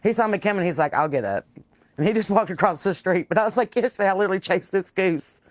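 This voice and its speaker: Woman host, medium voice, dry and close, salty and animated, chatting with viewers from her porch. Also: mid-range voice, very fast, no echo. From Southern US. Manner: animated, salty storytelling with swearing. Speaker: podcast host. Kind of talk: casual live chat with viewers. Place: outdoors on a porch.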